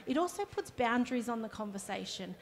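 A woman's voice: on the high side, sing-song, fairly quick. A woman, a counsellor giving a conversational workshop talk and demonstrating as she explains. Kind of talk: live presentation to an audience.

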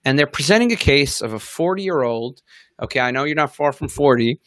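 A man's voice: mid-range voice, lively intonation, brisk, fairly bright tone, dry recording. A man hosting a live chat, telling a story with many hesitations and fillers. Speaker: host. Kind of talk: casual chat.

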